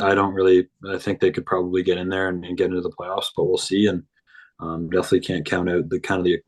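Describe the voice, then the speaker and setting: A man's voice: low-pitched, rough recording. A young man, a hockey player chatting as a podcast guest in an easygoing, rambling way. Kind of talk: casual interview chat.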